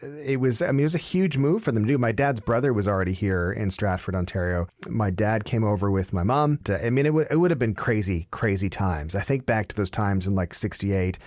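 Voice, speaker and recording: A man's voice: lowish voice, animated, a little fast, few pauses, darkish tone, dry recording. A man chatting as an interview guest, telling stories in a loose, anecdotal way. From Canada. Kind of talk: casual interview chat.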